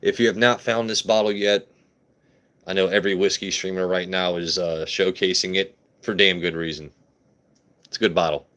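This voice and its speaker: A man with a lowish voice hosts a relaxed whiskey livestream, riffing crudely and joking with his viewers. He talks off the cuff, swearing freely as he chats and pours. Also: moderate pace. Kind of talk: casual livestream chat.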